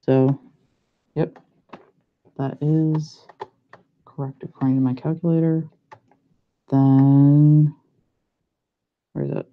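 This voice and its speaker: A man's voice: fairly high pitch, level tone. A young man, a pharmacy student, thinking aloud as he works through practice problems and doubts himself. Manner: muttering to himself, unhurried, self-doubting. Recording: muffled lo-fi recording.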